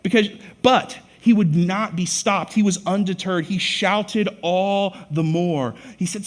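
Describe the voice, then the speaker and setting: A pastor delivering a sermon in a church sanctuary. His voice sits a little on the high side for a man. He tells the story with animation, breaking into loud emphatic outbursts as he acts out the characters. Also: unhurried, few pauses.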